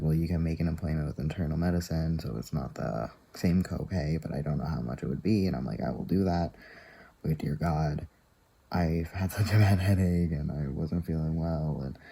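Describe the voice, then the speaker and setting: A man's voice: extremely low pitch, normal speed, vocal fry, warm tone, breathy edge, rough recording. A man casually telling a long story to the camera, rambling and acting out what others said. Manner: rambling, retells dialogue with many "I'm like" and "he's like". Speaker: vlogger.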